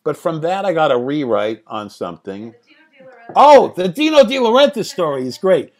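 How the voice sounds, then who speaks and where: A screenwriter and director in his sixties, appearing as an interview guest, tells animated anecdotes, laughing at his own tales and swearing casually. His voice is fairly high with big pitch swings at a normal speed.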